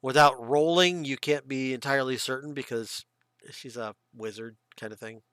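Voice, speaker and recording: A man's voice: medium pitch, steady tone, moderate pace, a bit bright, clear, resonant tone, no room sound, clean studio sound. A man narrating as game master in a casual, rambling way with fillers.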